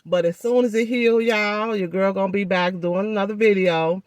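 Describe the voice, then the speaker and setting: A woman vlogger telling a story in a chatty, animated way, speaking through a swollen jaw and addressing viewers directly. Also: mid-range voice, moderate pace. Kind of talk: casual storytelling vlog.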